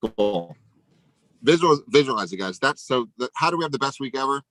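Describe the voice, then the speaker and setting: A man giving an energetic motivational pep talk as a sales coach, emphatic, tagging lines with "right?". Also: mid-range voice, a little fast, no room sound, faint music behind, low-quality recording.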